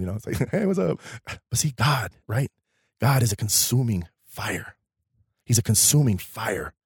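A man co-hosting a faith podcast, animated and laughing as he retells a Bible story like a preacher. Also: medium pitch, husky, no room sound, clean studio sound. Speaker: podcast co-host.

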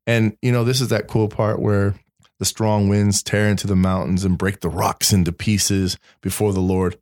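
A man telling a story in a casual faith podcast chat, animated, restarting words and laughing often. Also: lowish voice, normal speed, dry recording, clean studio sound.

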